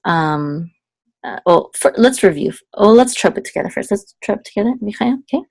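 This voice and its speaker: A woman's voice: animated, a little mellow, no echo. A woman teaching a student one-on-one in a casual, patient way, explaining step by step, checking in often and singing out syllables as examples. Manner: sings syllables higher and slower as examples. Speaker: Hebrew cantillation teacher.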